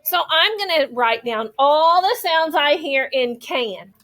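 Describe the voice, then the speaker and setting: A young woman teaching a classroom phonics lesson, slowly modeling sentences and praising the children. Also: sits high, expressive, a bit bright. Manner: slow, drawn-out modeling of sentences, encouraging.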